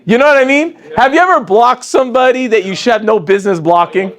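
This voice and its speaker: High-voiced guy hyping up a sales training, energetic, jumps up and down in pitch. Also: fast. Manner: energetic, swings high and excited, quotes others in a low voice. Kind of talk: motivational training talk.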